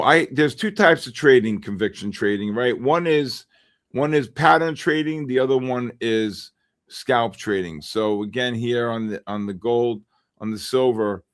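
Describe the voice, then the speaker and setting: A man's voice: medium pitch, moderate pace. A middle-aged man hosting a live trading stream, rambling casually and calling out viewers by name. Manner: rambling, chatty, shouts out chat names. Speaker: livestream trading host.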